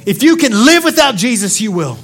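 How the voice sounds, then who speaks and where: A male pastor preaching a sermon to his congregation, passionate and full of questions, dropping quiet and then building up to shouts. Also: very high-pitched, big pitch swings, fairly quick, soft background music. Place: church sanctuary.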